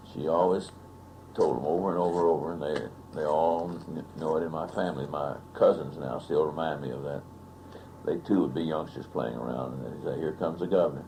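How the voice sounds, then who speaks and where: Gravelly older Texan storyteller. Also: male voice, a bass voice, mellow, poor audio. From Texas. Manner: anecdotal, chuckling raconteur. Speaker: oral history interviewee. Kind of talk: storytelling interview. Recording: archival audio with faint hiss.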